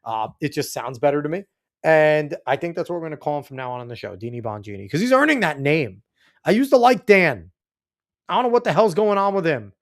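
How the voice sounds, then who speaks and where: A man hosting a commentary show, reacting to video clips with mocking, profane asides. His pitch sits a little high and swings widely as he talks. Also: sing-song, fairly quick. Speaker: host.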